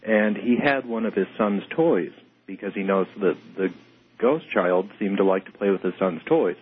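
A man's voice: on the low side, moderate pace, husky. A man calling in as an investigator guest, explaining matter-of-factly. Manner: matter-of-fact, explains step by step. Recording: tinny phone line.

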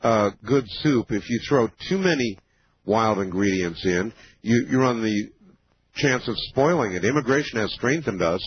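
A man's voice: on the low side, animated, normal speed, slight background noise. A man hosting a call-in radio show, talking in a rambling, folksy, opinionated way. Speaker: radio talk show host. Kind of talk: late-night call-in radio talk. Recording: muffled AM radio broadcast.

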